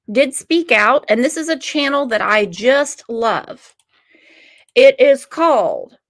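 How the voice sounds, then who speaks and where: Slow, chatty woman streamer. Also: on the high side. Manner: unhurried, chatty, reads viewer comments aloud. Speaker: true crime channel host. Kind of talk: casual live-stream commentary.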